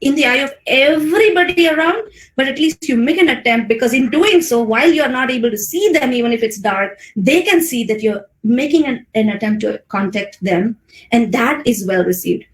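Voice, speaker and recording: A woman with an Indian English accent giving a webinar talk on public speaking. She speaks expressively and shows voice modulation with big swings in pitch. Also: animated, normal speed, roomy sound, low-quality recording. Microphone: video call mic.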